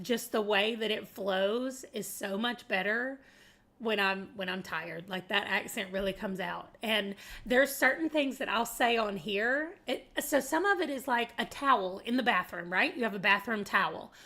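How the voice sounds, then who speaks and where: A booktuber from southeastern Arkansas chats to camera in a Southern US accent, her voice bright and slightly high. She rambles casually, laughs easily, and addresses her viewers as y'all.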